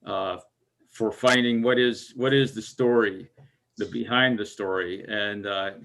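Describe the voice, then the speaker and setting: A man in a book discussion, summarizing the plot hesitantly with many pauses but using literary phrasing. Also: lowish voice, steady tone, a bit bright.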